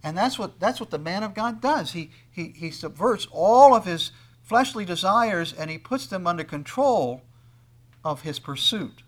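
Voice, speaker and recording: A man preaching a sermon, swinging between loud emphatic lines and quiet asides, and acting out the voices of the people he quotes. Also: high-pitched, animated, measured pace. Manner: acts out quoted speakers in conversational tones. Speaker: pastor.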